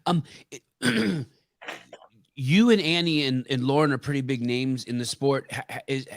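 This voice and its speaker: Halting podcast host, dry close sound. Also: male voice, mid-range voice, vocal fry, no echo. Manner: halting, restarts questions often. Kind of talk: casual podcast interview.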